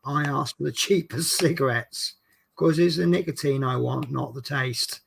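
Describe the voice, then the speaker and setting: A man's voice: medium pitch, moderate pace, gravelly, breathy edge. A man with a Norfolk accent, hosting a casual chat and rambling along in a chatty, self-mocking way. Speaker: podcast host.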